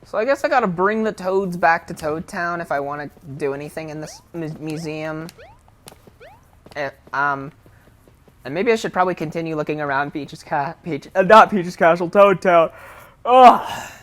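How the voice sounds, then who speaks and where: A woman's voice: low-pitched, normal speed. A woman giving casual, rambling let's play commentary, frank and often correcting herself.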